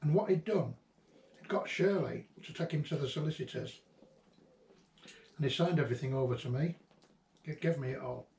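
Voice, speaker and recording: A man reminiscing casually about a late friend, halting and reflective, with frequent ums and restarts. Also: mid-range voice, vocal fry, a little mellow. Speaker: vlogger remembering a late friend. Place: at the friend's old house and garden. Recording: roomy echo, distant mic, faint ambient noise.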